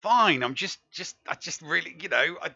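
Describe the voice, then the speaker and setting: A man hosts a casual podcast in a playful, joking way. He sounds a bit tipsy. His voice is bright and gravelly. It comes through a dry, dull home mic. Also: a little high, animated, normal speed, no echo. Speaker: podcast host.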